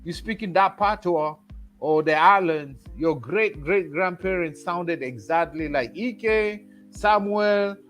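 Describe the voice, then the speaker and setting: High-voiced Kenyan man telling stories. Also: slow, a bit bright, faint music behind. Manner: storytelling, acts out quoted dialogue, emphatic. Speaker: panelist. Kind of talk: casual livestream discussion.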